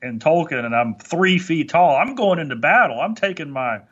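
A man's voice: a little high, animated, moderate pace, fairly bright tone, slightly rough, muffled recording. A man talking earnestly on a motivational podcast, stumbling into restarts as he makes his points. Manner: earnest, preachy, with many restarts. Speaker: podcast guest speaker.

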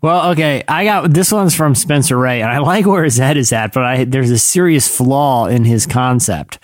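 A man's voice: mid-range voice, normal speed, no echo, clean studio sound. A man co-hosting a podcast, talking casually and rambling with lots of fillers. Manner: rambling, self-interrupting with many fillers. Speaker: podcast co-host. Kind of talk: casual chat.

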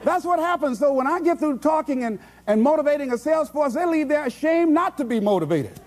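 Male motivational speaker, preacherly and emphatic, pitched high with a lively, swinging delivery. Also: a little fast, some chatter behind. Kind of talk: motivational speech.

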